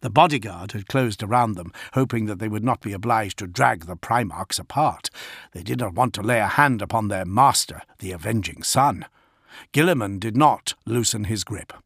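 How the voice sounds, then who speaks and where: A man reading an audiobook in an even, unhurried way. His voice is low and gravelly, recorded close with a dry sound. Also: no room sound. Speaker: audiobook narrator. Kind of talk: scripted narration.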